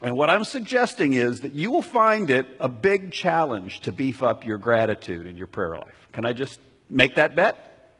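A man's voice: mid-range voice, sing-song, normal speed, a bit bright, slightly rough. A man preaching a sermon as a pastor who keeps asking the congregation questions, recorded in a church sanctuary. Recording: long reverb of a large hall.

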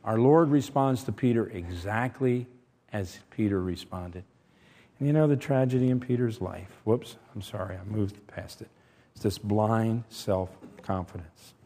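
A middle-aged man preaching a sermon, emphatic, shifting between loud stressed points and quiet asides. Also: lowish voice, a little slow. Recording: long reverb from a large hall.

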